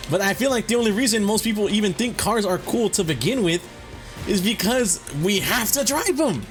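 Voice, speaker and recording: A young man rants straight to his viewers, exasperated, swearing and slangy. His voice sits a little high and jumps around with lively ups and downs. Faint music plays underneath. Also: a little fast. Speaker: vlogger. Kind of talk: casual ranting monologue.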